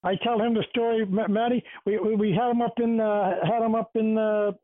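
Rambling older man, high and tinny. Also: little pitch movement, fairly quick, dry recording. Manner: rambling storyteller. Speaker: co-host. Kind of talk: casual chat. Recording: tinny phone line.

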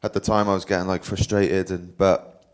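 A Welsh professional cyclist, appearing as an interview guest, tells casual stories at a live talk. His voice is low and flat, his pace moderate, and his manner rambling and self-deprecating, with filler words.

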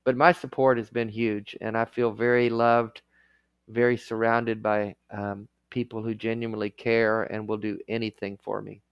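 Male guest, former clergy. Smooth, clear tone, dry close sound; earnest, emotional, laughs through his words. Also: on the low side, level tone, normal speed, no room sound, highs cut off. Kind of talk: candid conversational interview.

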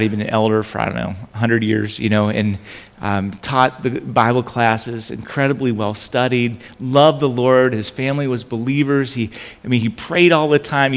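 Middle-aged male pastor, gravelly voice, animated sermon storytelling, reverberant hall. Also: mid-range voice. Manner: animated storytelling with frequent restarts.

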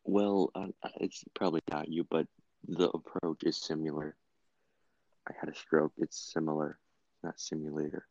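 A man in a casual chat on a call, talking in a halting, hesitant way that often trails off. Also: a bass voice, flat delivery, mellow, no room sound. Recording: dry, dull lo-fi mic.

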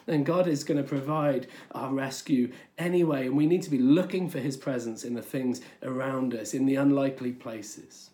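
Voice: mid-range voice, normal speed, few pauses, mellow. A preacher giving a sermon in a conversational, storytelling way, often using filler words.

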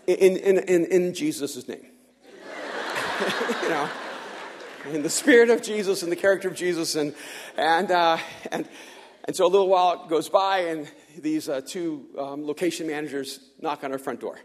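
A male pastor telling a story in a sermon to a live church gathering, animated, stacking up repeated "and"s and laughing along as he goes. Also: on the high side, moderate pace, pauses often, slight background noise.

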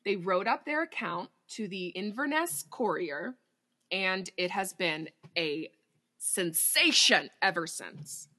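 Lively, bright-voiced woman storyteller. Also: mid-range voice, takes it slowly. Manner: giggly, swears casually, reads quotes aloud. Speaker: podcast co-host telling the story. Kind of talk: casual storytelling chat.

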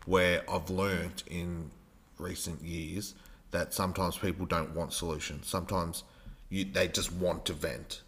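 A man's voice: sits low, unhurried. A man hosting a podcast, talking casually and loosely, often searching for words as he goes. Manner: relaxed, rambling, searches for words. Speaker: podcast host, teacher.

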